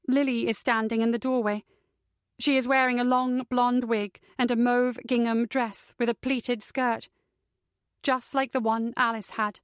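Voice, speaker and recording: Woman narrator, fairly high voice, measured thriller reading, dry close studio sound. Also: clean tone, dry recording. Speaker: audiobook narrator. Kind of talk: scripted first-person thriller narration.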